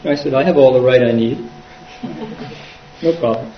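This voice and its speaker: Male interpreter for a dharma talk, lively retelling with voiced quotes; echoey and far off on a dull recording. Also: mid-range voice, moderate pace, over a noisy crowd.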